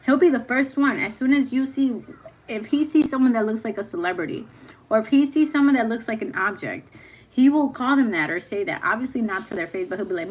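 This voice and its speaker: A woman's voice: a little high, a little fast, a little hiss or hum. A young woman hosting a casual chat, telling candid stories in slangy, swearing speech. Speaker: host.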